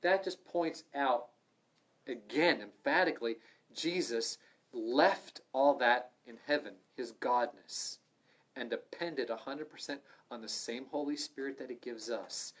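A man's voice: mid-range voice, moderate pace. Fervent, emphatic man preaching. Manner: fervent, emphatic preaching with sudden loud stresses. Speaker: Bible study teacher. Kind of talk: livestreamed Bible study preaching. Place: room in an assisted living home.

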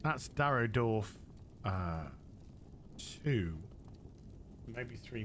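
Bright-voiced man muttering through gameplay. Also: on the low side, animated, takes it slowly, long pauses, a little hiss or hum. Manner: mutters to himself, swears casually. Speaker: gaming channel host. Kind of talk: casual let's-play commentary.

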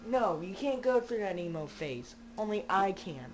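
A woman's voice: mid-range voice, lively intonation, measured pace, dull audio, slight background noise. A woman giving casual let's-play commentary, rambling and joking as she talks to her game characters. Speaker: gamer playing a zombie survival game.

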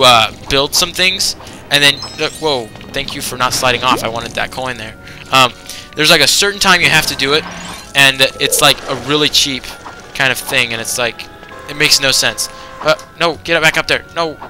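Bright-voiced man rambling over gameplay. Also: fairly high pitch, poor audio. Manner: rambling, filler-heavy, frequently exasperated at the game. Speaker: let's play host. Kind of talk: video game commentary.

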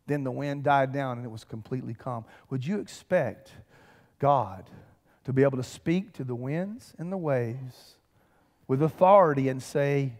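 A man, preaching a lively, conversational sermon with humor and calls to the congregation. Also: mid-range voice, moderate pace. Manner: animated, conversational preaching with humor and audience call-outs. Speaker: pastor. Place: church sanctuary. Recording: church hall reverb.

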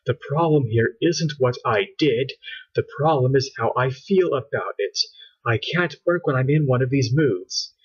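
A man's voice: mid-range voice, expressive, husky, dull audio. A man doing a bossy girl mad scientist. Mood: determined. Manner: brisk, matter-of-fact, near his own voice.

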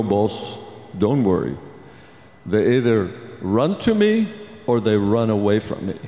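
An older man telling stories on a convention panel, restarting often and filling pauses. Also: fairly high pitch, a little mellow. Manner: storytelling with many restarts and fillers. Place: large convention hall. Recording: echoey hall with long reverb.

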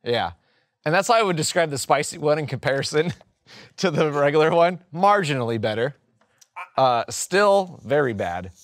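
A man hosting a food review podcast in loose, casual chat. His speech wanders through fillers and breaks into laughter, and his pitch rises and falls a great deal. The sound is close and dry. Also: lively intonation, normal speed, dry recording. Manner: rambling, filler-heavy, laughing often.

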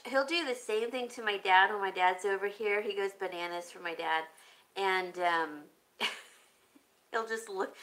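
In a rough recording, a woman with a mid-range, slightly bright voice chats casually during a live stream. She displays jewelry and mutters to herself while handling her phone, in an unhurried, chatty way.

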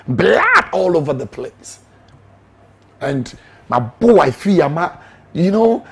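This middle-aged man, an evangelist with a Ghanaian accent, speaks in a medium pitch that's a little mellow and slightly rough. As a guest in an interview, he recounts his story through an emotional testimony, blending Twi with English.

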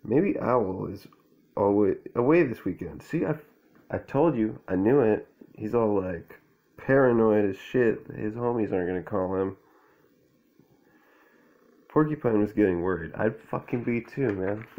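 A man's voice: lowish voice, a little slow, pauses often, narrow, tinny audio. A man reading a children's picture book aloud and breaking off for crude, slangy, laid-back commentary. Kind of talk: stoned commentary over a storybook reading.

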